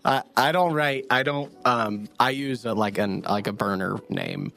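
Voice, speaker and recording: A man's voice: fairly low pitch, a little slow, gravelly, bright, forceful tone. A man playing in a casual tabletop game, talking in a hesitant, unsure way. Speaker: player.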